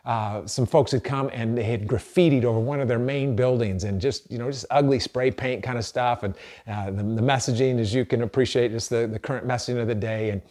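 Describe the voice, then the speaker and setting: A man's voice: medium pitch, steady tone, fairly quick, darkish tone. A middle-aged man preaching a sermon as a pastor, earnest and conversational, often restarting his sentences.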